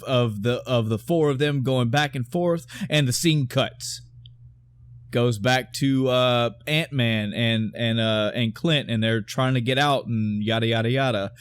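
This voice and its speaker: A man's voice: mid-range voice, smooth, no room sound. A man co-hosting a podcast, recapping a film in a rambling, profane, casual way and often mixing up names. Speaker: podcast co-host.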